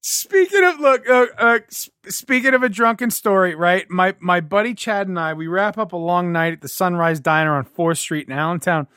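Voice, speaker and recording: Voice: medium pitch, moderate pace, hardly any pauses, pushed and bright, smooth, no echo, clean studio sound. A podcast co-host chatting casually and telling rambling anecdotes. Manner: rambling storyteller, laughs through anecdotes. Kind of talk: casual chat.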